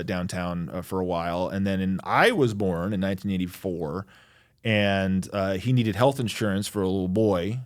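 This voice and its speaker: A man in his forties from Michigan, a lawyer chatting as an interview guest in a loose, self-deprecating way with plenty of fillers. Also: low voice. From Michigan, USA. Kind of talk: casual interview chat.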